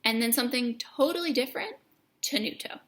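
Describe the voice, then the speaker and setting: Crisp-voiced woman teaching a music lesson. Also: on the high side, fairly quick, fairly bright tone. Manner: clear, encouraging explanation with emphatic key words. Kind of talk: instructional lesson.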